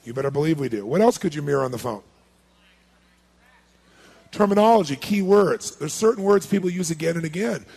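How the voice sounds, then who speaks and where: A man's voice: on the high side, expressive, fairly quick, gravelly, pauses often, a little mellow, husky. A man giving a live seminar talk to an audience. He speaks emphatically, fires rhetorical questions at the crowd and repeats key points for emphasis.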